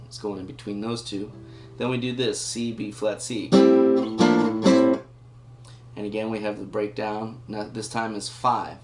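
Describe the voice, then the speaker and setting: A man's voice: lowish voice, level tone, normal speed. A man giving a casual guitar lesson, explaining rhythm and counting beats aloud as he thinks it through. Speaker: guitar teacher. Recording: roomy sound with loud guitar playing. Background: his own guitar playing.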